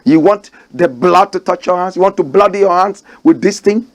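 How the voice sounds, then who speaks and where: A man's voice: high-pitched, moderate pace. A Ghanaian man hosting a commentary show, preaching his views with rhetorical questions and repeated phrases. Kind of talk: impassioned commentary monologue.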